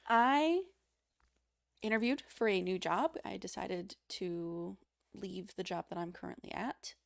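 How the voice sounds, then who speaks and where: A woman with a gravelly, fry-laden voice co-hosts a casual podcast. She talks in a playful, joking way, and the close mic is dry with no room around her. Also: mid-range voice, measured pace, dry recording. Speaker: podcast co-host.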